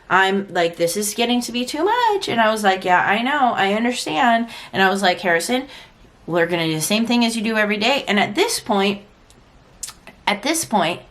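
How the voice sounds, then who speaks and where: A young woman telling a story straight to camera in a frank, chatty way. She drops into quoted lines as she goes and fills her talk with "like". Her pitch sits in the middle for a woman. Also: fairly bright tone. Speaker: vlogger and parent. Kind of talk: casual storytime vlog.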